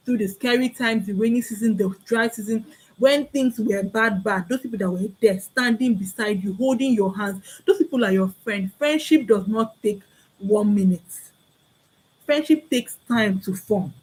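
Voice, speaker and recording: A woman's voice: on the high side, a little mellow, breathy edge, poor audio. A young woman with a Nigerian accent giving an earnest, preachy talk to camera, repeating key phrases and acting out small bits of dialogue. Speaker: vlogger.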